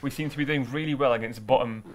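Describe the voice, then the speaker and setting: A young man co-hosting a casual football chat show, jokey and quick to laugh. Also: mid-range voice, crowd noise. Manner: excitable, jokey, laughs often. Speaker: co-host. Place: studio in London.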